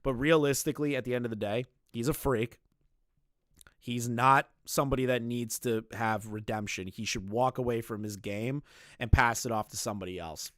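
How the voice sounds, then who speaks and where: A man's voice: mid-range voice, normal speed, fairly bright tone, no echo, clean studio sound. A young man streaming live, ranting bluntly with lots of swearing and repeated phrases.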